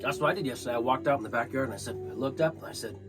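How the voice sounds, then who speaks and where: A man's voice: medium pitch, racing, loud music behind the voice. A man co-hosting a casual comedic chat show who rambles, swears freely and laughs a lot. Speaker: podcast co-host.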